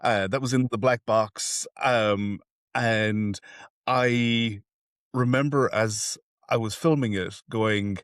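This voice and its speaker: A man's voice: on the low side, fairly even intonation, takes it slowly, no echo, clean studio sound. A man hosting a podcast interview, talking in a reflective, rambling way. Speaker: podcast host. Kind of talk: casual interview.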